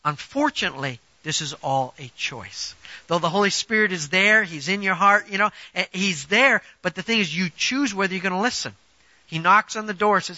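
A man's voice: high voice, normal speed, bright, forceful tone, no echo, dull audio. A man preaching a sermon in a conversational, emphatic way, often throwing rhetorical questions at the congregation and giving personal examples.

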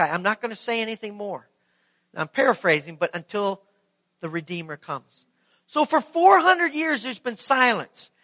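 A man preaching a sermon, animated and acting out the story as he goes. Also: very high voice. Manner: animated, acts out the scene. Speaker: pastor.

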